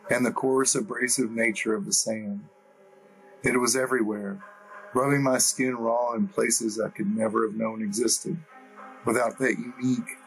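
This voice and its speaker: Guy narrating an audiobook super slow, lowish voice, faint music under it. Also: fairly bright tone, low-quality recording. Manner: slow, measured, deliberate reading. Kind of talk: scripted first-person narration.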